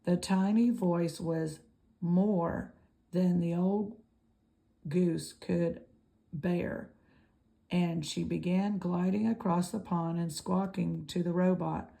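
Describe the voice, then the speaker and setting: A woman reading a children's novel aloud, unhurried, with occasional slips and self-corrections. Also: fairly low pitch, steady tone, creaky, warm tone, poor audio. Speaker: reader.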